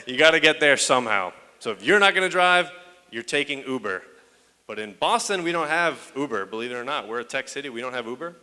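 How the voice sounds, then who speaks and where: A young man delivers a stand-up set from a comedy stage, his bright, pushed voice carrying into a roomy hall with a long echo. His banter is crude and self-deprecating, and he swears often. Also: mid-range voice, lively intonation, a little fast, smooth. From United States. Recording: echoey hall.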